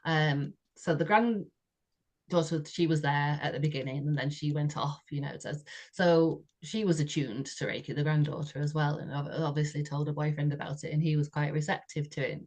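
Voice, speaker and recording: A woman's voice: deep voice, steady tone, moderate pace, a little mellow. A woman, a podcast co-host telling a personal story in a chatty way, often laughing and saying "you know". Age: 60s.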